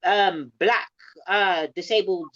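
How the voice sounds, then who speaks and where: This is a woman comedian, talking in a loose, animated interview. Her voice sits low, and she often trails off and restarts mid-thought. The sound is dull and lo-fi, close and completely dry. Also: slow pace, no echo. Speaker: comedian and guest. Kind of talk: casual interview storytelling.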